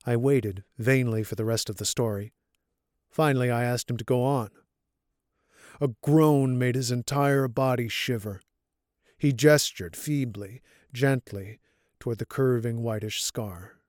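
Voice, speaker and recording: A man reading a short story aloud in a measured, deliberate storytelling manner. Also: mid-range voice, a little mellow, no echo, clean studio sound. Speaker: reader. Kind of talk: audiobook reading.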